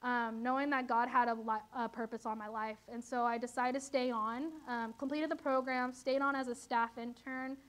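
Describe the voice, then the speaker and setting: A young woman telling her personal recovery story as a testimony, halting often and acting out the voices of others in dialogue. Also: fairly high pitch, fairly even intonation. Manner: halting, many fillers, quotes others in dialogue. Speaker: testimony speaker.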